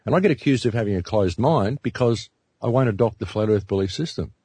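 Man, announcer, low gravelly-husky voice, dry close sound, earnest, stumbles over words. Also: lively intonation, quick pace, warm tone, no echo. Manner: earnest, repeats words when thinking. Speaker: radio announcer, guest. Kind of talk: casual discussion.

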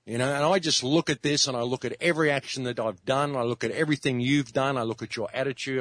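A man's voice: mid-range voice, quick pace, hardly any pauses, fairly bright tone, dry recording. A man giving a blunt, profane, emotional interview over a remote call line. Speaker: interview guest.

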